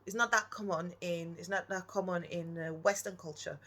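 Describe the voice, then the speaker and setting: A woman's voice: on the low side, steady tone, normal speed, fairly bright tone. A woman speaks in an earnest, reflective way and keeps turning to the listener with direct questions. She talks about her own upbringing in a personal tone. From Nigeria.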